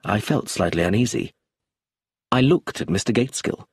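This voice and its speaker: A male narrator reads a story in a low, husky, breathy voice. His pitch moves a lot as he tells it. The recording is close and dry. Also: animated, normal speed, no echo. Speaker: audiobook narrator.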